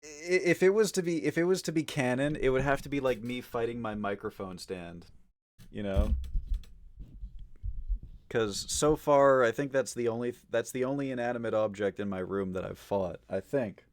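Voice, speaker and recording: A man live-streams and chats casually with viewers, his mid-range voice at normal speed veering from mumbled asides to loud, exasperated rants. He's argumentative and swears a lot.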